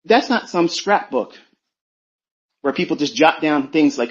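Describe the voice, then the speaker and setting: A man, a trading mentor, giving a forceful motivational rant full of swearing and rhetorical questions. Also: fairly high pitch, animated, measured pace, pauses often. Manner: forceful, profane, preachy. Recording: dull lo-fi sound.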